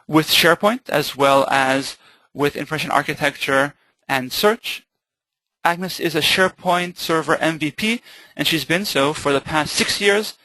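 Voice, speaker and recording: A man's voice: fairly high pitch, vocal fry, pushed and bright, dry recording, poor audio. A man hosting a webinar, introducing the guest speaker in an upbeat way with frequent fillers. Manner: upbeat, many filler ums and uhs. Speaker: webinar host.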